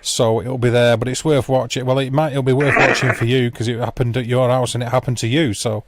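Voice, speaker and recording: A man's voice: medium pitch, level tone, brisk. A man hosting a livestream, chatting casually and rambling with viewers by name, with dry self-mocking humour. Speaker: livestream host. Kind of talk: casual chat with a live chat. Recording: loud background noise.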